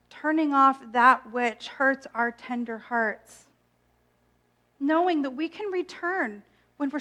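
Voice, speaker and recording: Woman minister, high voice, reflective sermon with wry asides. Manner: gentle, reflective, with playful self-mocking asides.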